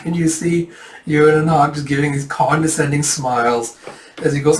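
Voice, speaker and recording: Male reader, casual manga readthrough, voice a bit high, mic distant. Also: fairly even intonation, moderate pace, echoey room, a little hiss or hum. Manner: summarizes with "it's like" before quoted lines.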